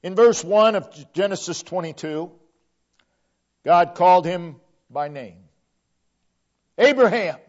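A man with a high voice delivers a sermon at an unhurried pace, leaning hard on key words and then letting each phrase fall away almost to a whisper. The recording is dull and lo-fi. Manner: slow, deliberate emphasis, voice sinking to a hush at phrase ends. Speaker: preacher.

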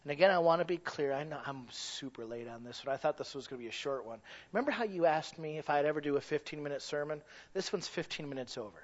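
A man preaching a sermon in an animated, folksy way that sometimes rises to a shout. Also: on the high side, fast talker. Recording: dull lo-fi sound.

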